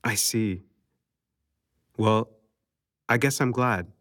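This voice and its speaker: A man's voice: fairly low pitch, a bit bright, no echo, studio quality. A man giving casual, thoughtful reaction commentary, a little hesitant. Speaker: vlogger.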